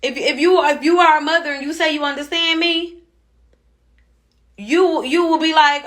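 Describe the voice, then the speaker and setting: An upset mother rants on social media with a bright, sharp voice. She cusses, circles back to the same points and stays heated throughout. Her pitch sits high for a woman. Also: moderate pace, long pauses. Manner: heated, cussing, repeats herself. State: upset and angry. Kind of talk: angry social media rant.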